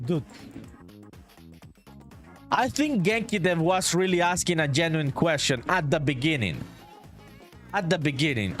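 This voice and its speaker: A man from Honduras, a solo game developer chatting casually on a live stream, swearing freely and reading viewer comments aloud. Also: a little high. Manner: laid-back, profane, reads chat aloud and answers it. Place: home in a small town.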